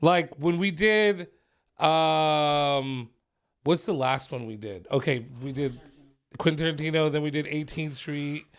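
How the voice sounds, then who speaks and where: A man's voice: a little high, a little slow, smooth. A man co-hosting a casual podcast, laid-back and profane, saying "dude" and "bro" a lot. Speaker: podcast co-host.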